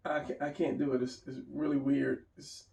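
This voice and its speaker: A man's voice: medium pitch, level tone, normal speed, vocal fry, a little mellow. A man giving a casual drawing lesson, rambling and restarting as he draws and talks it through. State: hiccuping. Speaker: drawing teacher. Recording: roomy, mic at a distance.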